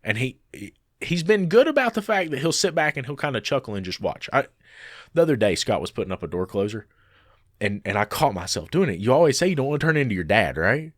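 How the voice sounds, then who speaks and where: A podcast co-host chats casually, his mid-range voice moving fast as he animatedly tells stories and acts out the people he quotes. The recording is studio quality with no echo.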